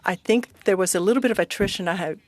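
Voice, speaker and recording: A woman simultaneously interpreting a parliamentary committee hearing, steady and even, with frequent hesitations. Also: medium pitch, quick pace, no room sound.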